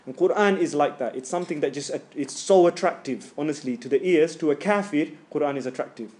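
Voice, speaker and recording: A man teaching a tajweed class, joking with students and loudly demonstrating sounds. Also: a little high, brisk. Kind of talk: classroom lesson.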